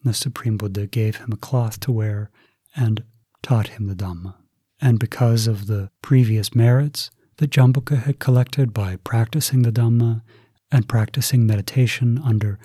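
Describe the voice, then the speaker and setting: Male Buddhist preacher, slow, deliberate storyteller, husky, dry close sound. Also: mid-range voice, mellow, no echo. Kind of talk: sermon storytelling.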